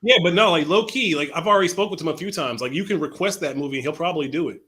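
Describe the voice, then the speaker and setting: A man's voice: on the high side, very fast, pushed and bright. A man chatting on a talk show in a laid-back, blunt and profane way. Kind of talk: casual chat.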